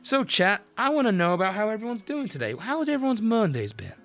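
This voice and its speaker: A young man casually chatting with his stream audience in an upbeat, friendly way, his voice on the higher side. The sound is dull and lo-fi, with faint music playing behind him. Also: very animated, quick pace, a bit bright. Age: young adult. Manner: chatty and upbeat, talks to chat. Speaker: art streamer. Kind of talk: casual livestream chat.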